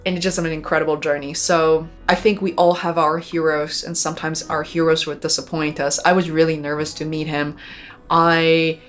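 A woman with a somewhat low voice shares a personal memory on her vlog. She talks in an earnest, heartfelt way and often pauses on small fillers as she gathers her thoughts. She sounds like a filmmaker looking back on a meaningful moment. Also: level tone, faint music behind. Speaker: documentary filmmaker and vlogger.

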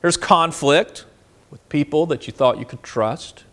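A man preaching a sermon as pastor, asking listeners questions and moving between quiet and animated delivery. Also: on the high side, unhurried. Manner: expressive, swings between soft and animated.

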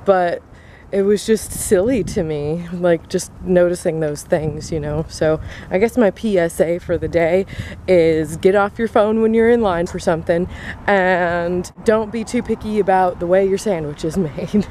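A woman's voice: fairly low pitch, measured pace, dark tone, a little hiss or hum. A young woman vlogging in a chatty, exasperated way, full of filler words. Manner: chatty, exasperated, many likes. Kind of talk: casual vlog chat.

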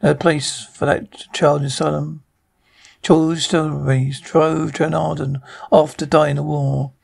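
A man's voice: a little high, flat delivery, takes it slowly, vocal fry, exaggerated voice. A man voicing a mysterious woman servant who speaks in an ominous, coaxing way.

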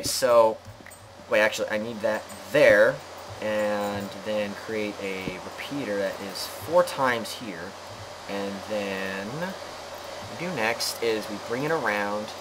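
A man's voice: fairly low pitch, measured pace. Rambling jokey gamer guy. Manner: rambling, jokey, self-mocking, talks to himself while playing. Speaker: gaming channel host. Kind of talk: let's play commentary. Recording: clear background noise.

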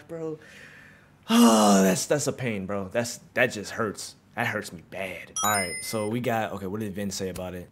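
A young man casually commentating on a video game, excitable and slangy, reading in-game texts aloud. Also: medium pitch. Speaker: gaming streamer. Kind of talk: casual let's-play commentary.

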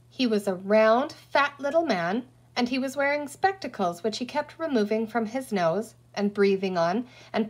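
Expressive woman reading a children's book. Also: fairly high pitch. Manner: expressive storytelling. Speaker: audiobook reader. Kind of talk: children's book read aloud.

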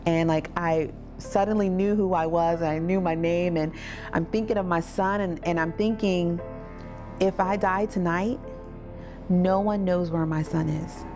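A woman with a slightly low voice tells her story in an interview. She narrates vividly and acts out the voices of the people in it. Music plays clearly beneath her. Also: steady tone, unhurried, a little mellow. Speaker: trafficking survivor telling her story. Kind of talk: personal testimony interview. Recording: music bed underneath.

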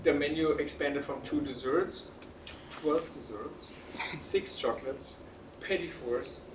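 A man telling a personal story to an audience, halting and full of fillers, laughing often. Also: on the high side, noisy background. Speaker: speaker at a talk. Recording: roomy sound from a distant mic.

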